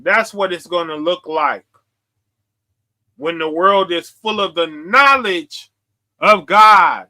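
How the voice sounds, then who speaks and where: Forceful high-voiced street preacher, man. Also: slow pace, pauses often. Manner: forceful, confrontational, slangy.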